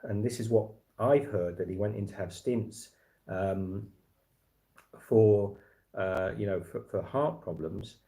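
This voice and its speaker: A man's voice: lowish voice, takes it slowly, dark tone. A man hosting a casual livestream, talking in a rambling way with many restarts and fillers. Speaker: livestream host.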